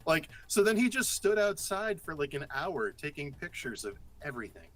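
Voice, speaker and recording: A man co-hosting a casual chat, telling a story in an animated way and swearing freely. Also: fairly high pitch, moderate pace. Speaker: podcast co-host.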